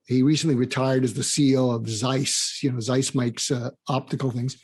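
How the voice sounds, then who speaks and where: A man's voice: normal speed, slightly rough. An older man, a psychiatrist and author, telling stories in an interview and animatedly acting out quoted dialogue. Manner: animated storyteller, acts out quoted dialogue with rising pitch. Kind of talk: conversational storytelling interview.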